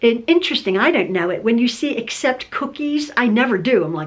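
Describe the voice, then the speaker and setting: A woman's voice: a little high, lively intonation, moderate pace. An older woman, a quilting channel host, chatting casually to camera from her home sewing room and rambling with many fillers and restarts.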